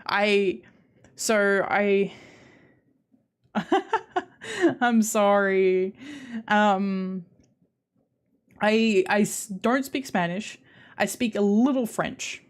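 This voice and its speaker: Speaking extremely slowly with long pauses, this young Australian woman has a medium-pitched, steady, clean-toned voice. She chats casually with her live stream viewers, wandering off topic, interrupting herself, and giggling as she restarts.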